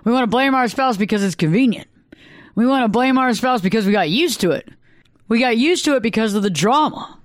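A woman, a couples therapist, talking casually and acting out quoted arguments in sudden high bursts. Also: lively intonation, brisk, dry recording, studio quality. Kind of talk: casual solo monologue.

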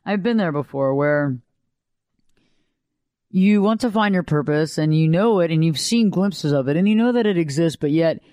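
A woman with a lower voice than she'd like, giving an unhurried, reflective motivational talk that repeats phrases and asks the listener questions. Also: expressive, mellow, no room sound, clean studio sound. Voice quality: lower voice than she wished for. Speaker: motivational speaker.

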